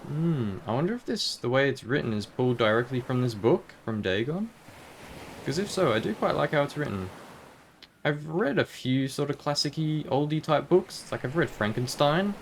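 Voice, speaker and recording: A man chats casually while he plays a game, thinking aloud and restarting his sentences. His voice sits at an ordinary middle pitch, and a faint hiss runs behind it. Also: animated, moderate pace, creaky. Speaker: gaming video host.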